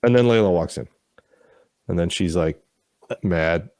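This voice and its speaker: A man's voice: low-pitched, unhurried, a little mellow, no echo, clean studio sound. A man co-hosting a casual show recap, retelling scenes with mocking voices and casual swearing. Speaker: podcast co-host.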